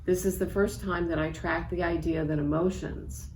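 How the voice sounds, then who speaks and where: A woman in her sixties, an author reading aloud from her memoir in a measured, reflective way. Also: lowish voice, fairly even intonation, darkish tone. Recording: echoey room with faint background noise.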